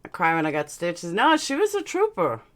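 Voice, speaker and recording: Woman, live-stream host, slight lisp, blunt casual chat, somewhat low pitch. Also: huge pitch swings, normal speed, a bit bright. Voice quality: slight lisp from dental aligners. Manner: chatty, blunt, swears casually, answers chat aloud. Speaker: livestream host reading chat.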